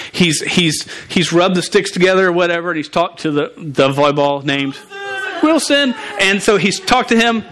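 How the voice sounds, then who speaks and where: In a high, pushed, bright voice, the man gives his conversational sermon. Frequent stumbles and restarts break up his halting delivery, and he keeps asking the congregation questions.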